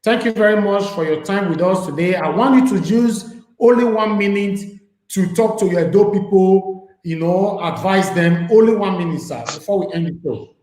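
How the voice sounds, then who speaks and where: A man's voice: high voice, normal speed, a little mellow, echoey room, poor audio. A man hosting a live online interview show, talking loosely with lots of "you know" and "um". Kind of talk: live-stream interview chat.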